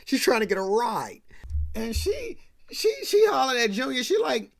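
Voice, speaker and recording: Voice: mid-range voice, sing-song, normal speed, gravelly. A casual host retelling a movie plot in slangy talk, often checking in with the listener. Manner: slangy, keeps checking in with "right?". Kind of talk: casual rant retelling a film.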